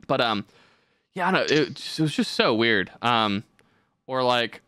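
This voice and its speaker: A man hosting a casual podcast, spinning long, loose stories with plenty of swearing and filler words. His voice is bright and forward, and the sound is dry and close to the mic. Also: mid-range voice, lively intonation, moderate pace, dry recording. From California. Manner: profane, rambling storyteller. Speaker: podcast host.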